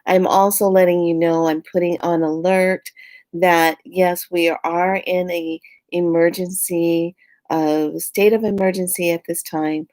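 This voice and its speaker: A woman playing a caring governor who speaks slowly and soothingly to her citizens. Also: on the low side, level tone, a little mellow, no echo, close to an everyday voice. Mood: reassuring. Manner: slow, soothing, reassuring.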